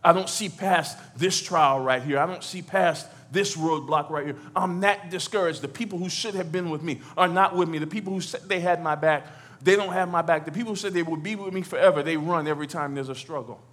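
A man preaching as pastor, talking to the congregation conversationally, acting out quotes and building to loud exhortation. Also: fairly high pitch, a little fast. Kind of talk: sermon.

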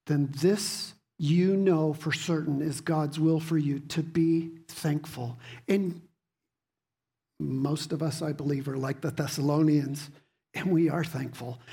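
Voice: mid-range voice, creaky, warm tone, slightly rough. A preacher giving a sermon to a congregation, reading scripture and asking rhetorical questions. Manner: teaching, rhetorical questions, repeats words; reads scripture aloud to a congregation.

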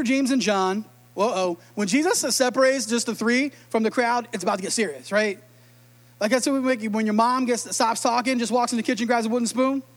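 A man preaching a sermon in a humorous, conversational way, acting out quotes. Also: extremely high pitch. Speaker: pastor.

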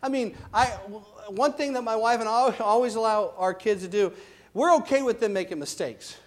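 A middle-aged male pastor preaching a sermon with passion, swinging from loud emphasis to hushed lines. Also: high voice, moderate pace.

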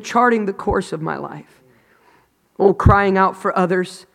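High-voiced impassioned preacher, hall echo. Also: male voice, animated, unhurried, creaky. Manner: impassioned preaching, swings between shouting and hushed whispers. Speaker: pastor. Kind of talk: sermon. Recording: long hall reverb.

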